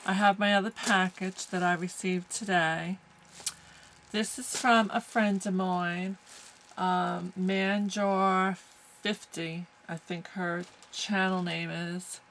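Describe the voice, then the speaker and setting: A woman's voice: on the low side, fairly even intonation, slow, a bit bright, a little hiss or hum, rough recording. A woman from the United States opening a package on camera, gushing with lots of exclamations. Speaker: crafting vlogger. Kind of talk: casual unboxing chat.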